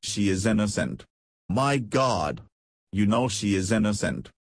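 A man reading the part of a distraught young gentleman who pleads in an agitated way. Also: on the low side, animated, measured pace, breathy edge, no room sound, clean studio sound.

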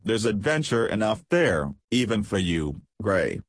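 A man's voice: fairly low pitch, very animated, a little slow, no room sound, clean studio sound, exaggerated voice. A man doing a jovial older husband. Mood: genial.

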